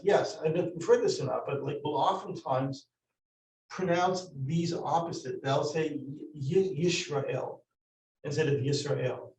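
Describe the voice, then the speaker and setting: A man leads a classroom lesson, working step by step through his points and often stopping to question the class. His voice sits a little high. It is picked up from across a roomy classroom by a distant camera. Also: a little mellow, slight background noise. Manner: explains step by step with many restarts and questions to the class. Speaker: teacher. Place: classroom with a board. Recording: roomy, from far off the mic.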